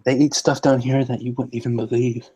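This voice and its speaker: A man in a loose, casual chat, joking and rambling, often stopping to restart his sentences. His voice sits at a plain middle pitch. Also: little pitch movement, a little fast, dark tone, slight background noise, poor audio.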